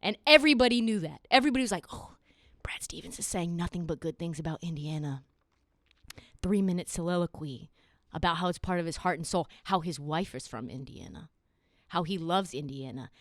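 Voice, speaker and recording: A young woman hosting a sports podcast, talking in a casual, sarcastic and animated way. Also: on the low side, no room sound. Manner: animated, sarcastic, quick asides. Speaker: podcast host.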